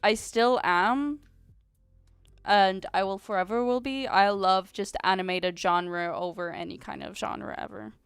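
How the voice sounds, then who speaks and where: A woman's voice: medium pitch, fairly even intonation, a little slow, creaky, clear, resonant tone, no room sound. A woman streamer chatting casually and reading chat aloud, giggling often and using lots of fillers. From Ukraine.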